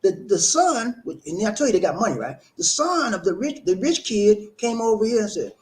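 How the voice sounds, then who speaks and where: A man hosts a live stream and tells his viewers a story in a relaxed, chatty way. His pitch swings widely as he gets into it. He stumbles over and repeats words, then acts out what each person said. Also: normal speed. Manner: animated, repeats words, acts out quoted dialogue. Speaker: live-stream host reading viewer comments.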